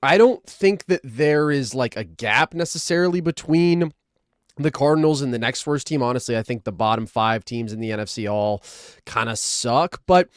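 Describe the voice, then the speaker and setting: A man's voice: mid-range voice, expressive, normal speed, dry recording, clean studio sound. A young man hosting a casual sports podcast, joking around and laughing often between football takes. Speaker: podcast host.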